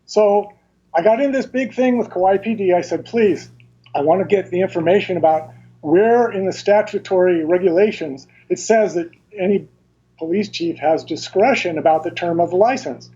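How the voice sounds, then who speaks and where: Heard through muffled, lo-fi remote sound, the male guest gives careful, detailed explanations and keeps breaking off to start again. He pitches high, with a warm tone and a breathy edge.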